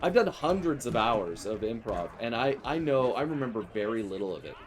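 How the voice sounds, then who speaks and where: A man's voice: mid-range voice, sing-song, slight background noise. Playful man chatting while gaming. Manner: playful, laughs often, quick jokes. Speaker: streamer. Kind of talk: casual chat while gaming.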